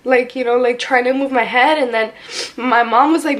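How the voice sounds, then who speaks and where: Young woman vlogger, high-pitched, chatty storytelling, lots of fillers, casual to camera. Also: normal speed. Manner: animated, filler-heavy retelling with many "like"s.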